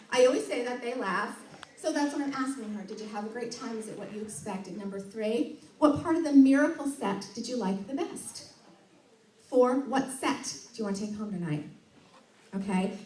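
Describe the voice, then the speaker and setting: A woman's voice: on the high side, a little mellow. A woman giving an enthusiastic sales training talk to a group, acting out customer dialogue and laughing often. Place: meeting room with audience. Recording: echoey room from a distance.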